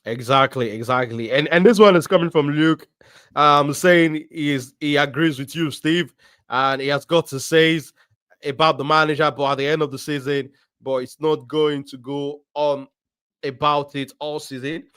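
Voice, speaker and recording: A man hosting a football fan stream, reading out viewer comments and giving his opinion in a measured way, with frequent ums and restarts. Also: fairly high pitch, fairly even intonation, a bit bright, clean tone, no echo, clean studio sound.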